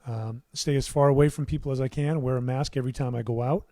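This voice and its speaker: A man's voice: mid-range voice, fairly even intonation, quick pace, no echo. Man chatting loosely on a studio livestream. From United States. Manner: rambling, warm asides, many fillers and restarts. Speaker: musician hosting his own livestream. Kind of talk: casual livestream chat. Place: his home recording studio.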